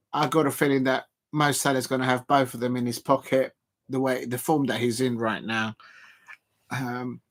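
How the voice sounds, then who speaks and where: A man hosting a live football watch-along, chatting loosely to viewers and filling gaps with ums and restarts. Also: medium pitch. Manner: rambling, full of fillers and restarts, talking to chat viewers.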